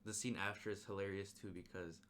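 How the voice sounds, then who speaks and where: A young man recapping a film in a casual, excited ramble, full of slang and fillers. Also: sits low, fairly quick, slight background noise. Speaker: movie reviewer.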